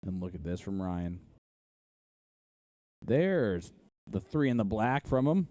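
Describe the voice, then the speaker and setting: A man's voice: lowish voice, big pitch swings, slow pace, mellow, no echo. A man from Indiana with an Indiana accent giving casual, analytical play-by-play commentary on a live darts match.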